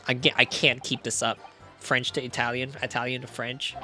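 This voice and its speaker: A man's voice: medium pitch, flat delivery, moderate pace, bright, forceful tone, faint music behind. A man streaming a game, making joking, self-mocking asides while reading its dialogue aloud. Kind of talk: casual game stream commentary.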